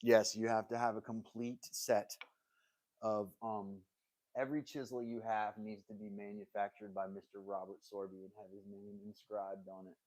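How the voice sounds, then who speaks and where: A man's voice: fairly low pitch, flat delivery, moderate pace, a little mellow, no room sound. A man hosting a casual live stream from his workshop, joking and rambling as he talks straight to his viewers, laughing often. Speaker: livestream host. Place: home woodworking workshop.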